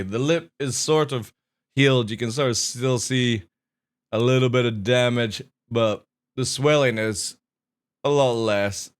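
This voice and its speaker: Chatty male streamer talking to chat. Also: medium pitch. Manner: chatty, rambling, laughs at his own jokes. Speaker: streamer and show host. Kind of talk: casual live stream chat.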